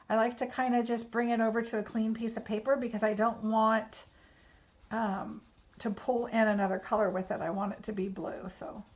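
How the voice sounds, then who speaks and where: A woman's voice: on the high side, low-quality recording. A woman giving a casual step-by-step craft tutorial, chatty and instructive, thinking aloud as she works. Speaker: craft demonstrator.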